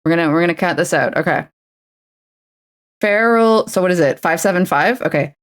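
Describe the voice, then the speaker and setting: A woman's voice: on the low side, normal speed. A woman streaming while she paints a miniature, chatting casually and playfully, cooing baby talk at her pet. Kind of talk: casual chat while crafting.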